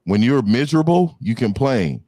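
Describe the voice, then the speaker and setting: A man on a discussion panel boasts in a halting way, often restarting his sentences. His voice is of middling pitch, and the recording sounds dry and close. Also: very animated, mellow, no echo. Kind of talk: casual panel chat.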